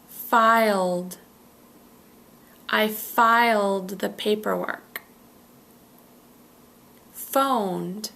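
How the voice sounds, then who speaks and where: A woman leads a pronunciation drill at a very unhurried pace. She says each word slowly and clearly, then says it again. A gravelly edge sits under her mid-range voice. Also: mid-range voice, a bit bright. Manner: models words carefully, repeating each one. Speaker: pronunciation teacher. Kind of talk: slow, deliberate pronunciation drill.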